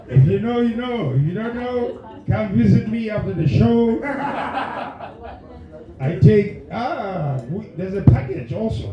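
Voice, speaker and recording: Male stand-up comic working the crowd with shouted bursts, voice a little off-mic in a live room. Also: sits high, animated, a little slow, dull audio. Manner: loud crowd work, sudden shouted bursts. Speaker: stand-up comedian. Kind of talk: stand-up comedy set. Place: comedy club stage. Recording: roomy live venue, mic at distance, audience. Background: laughing audience.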